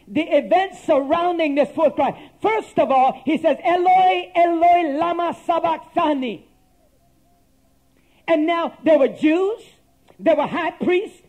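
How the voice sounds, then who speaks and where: A man's voice: extremely high pitch, darkish tone. A male pastor preaching a sermon, passionate and calling on the congregation to answer back. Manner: impassioned, calls for amen from the congregation.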